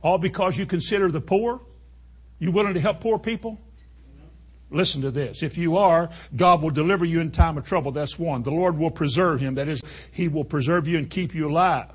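A man's voice: on the high side, brisk, husky. A man preaching a sermon to a congregation, emphatic and full of rhetorical questions.

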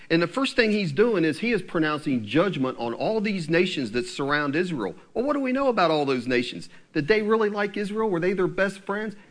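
A man preaching a conversational sermon, asking his listeners questions and slowing down into a low, solemn tone when he reads scripture. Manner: drops to a low, slow tone for scripture.

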